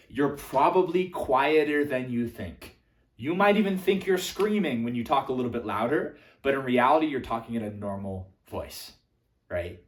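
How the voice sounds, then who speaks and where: A young man coaching social skills, teaching to camera and acting out voice examples. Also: reverberant. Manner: lively, demonstrates voices with big jumps in pitch and volume.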